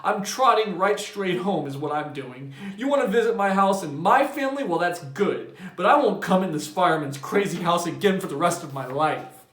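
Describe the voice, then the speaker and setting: A man's voice: high voice, lively intonation, moderate pace, a bit bright, voice pushed up. A man voicing a prim, self-righteous woman who scolds in a raised voice. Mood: indignant. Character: shrill indignant middle-aged woman, prim. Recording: roomy echo.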